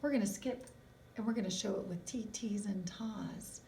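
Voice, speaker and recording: A woman's mid-range voice, gravelly yet mellow, comes through a distant mic as she teaches young children music in a recorded video lesson. She speaks slowly and encouragingly, posing many questions to them.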